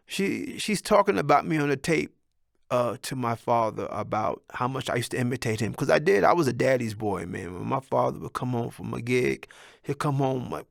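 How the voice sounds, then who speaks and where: A man in his sixties speaks to his viewers in a candid, rambling monologue. His voice is gravelly and has a clear fry in it, and he is blunt and reflective. The recording is close and dry. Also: mid-range voice, no echo. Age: 60s. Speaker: vlogger.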